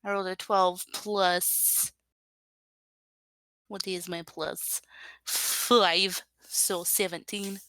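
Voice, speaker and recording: Slow-talking bright-voiced woman player. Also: on the low side, level tone, dry recording. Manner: playful, banters, talks through her rolls. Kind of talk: playing a tabletop game, casual.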